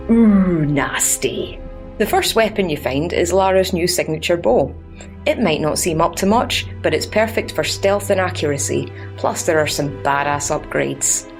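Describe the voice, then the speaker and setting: A young Scottish woman narrating a scripted video game review in a sarcastic, crude and cheeky way. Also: on the low side.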